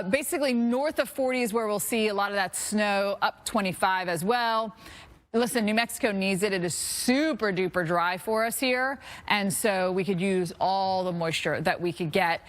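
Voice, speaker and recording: A middle-aged woman presenting a live TV weather forecast, lively and chatty, laughing at her own slips. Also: mid-range voice.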